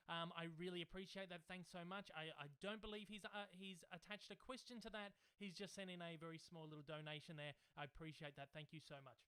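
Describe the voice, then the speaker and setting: Young guy hosting a chill live q&a, rambles a lot, high bright clear voice. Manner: rambling, chatty, many fillers and restarts. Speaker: YouTube channel host. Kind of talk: casual livestream Q&A chat. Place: home, in Melbourne.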